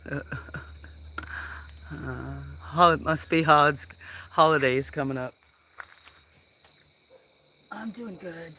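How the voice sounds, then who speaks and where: A man's voice: fairly high pitch, extremely slow, long pauses, sharp tone, slight background noise. A man hosting a casual livestream from a farm, rambling along with plenty of fillers. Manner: rambling, meandering with many fillers. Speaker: livestream host. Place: farm outdoors.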